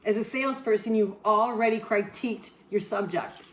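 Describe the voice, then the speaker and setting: A woman's voice: mid-range voice, fairly even intonation, moderate pace, reverberant, rough recording. A woman co-hosting a casual talk show, teasing her partner in a rambling, repetitive way. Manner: teasing, rambling, repeats words. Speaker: co-host. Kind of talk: casual couple banter.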